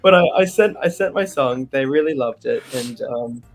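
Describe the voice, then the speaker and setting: A young man with an Australian accent, talking openly and with feeling in an interview, animated and laughing easily. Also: mid-range voice, normal speed, faint music behind. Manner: candid, animated, laughs often. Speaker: interviewee, singer. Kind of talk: open, emotional interview chat.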